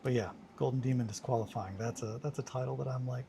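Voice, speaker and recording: A man's voice: mid-range voice, fairly even intonation, quick pace, creaky, noisy background. A tired man in a casual, rambling chat while painting miniatures on a stream. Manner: rambling, laid-back, talks to himself and his pets.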